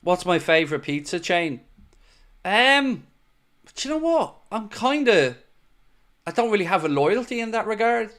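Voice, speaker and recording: A young Irish man hosting a live football fan stream, chatting casually and reading comments with animated, playfully defiant energy. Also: high-pitched, measured pace, long pauses. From Ireland. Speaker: fan channel host reading live chat.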